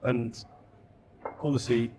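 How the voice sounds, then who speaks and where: A middle-aged man spins slangy anecdotes with an easy, laughing energy. His voice sits at an ordinary pitch and lands some way off the mic. The room around him rings noticeably. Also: slow, a little hiss or hum. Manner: animated, slangy, laughs while telling anecdotes. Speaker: guest, former footballer. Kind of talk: casual storytelling. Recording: roomy sound, distant mic.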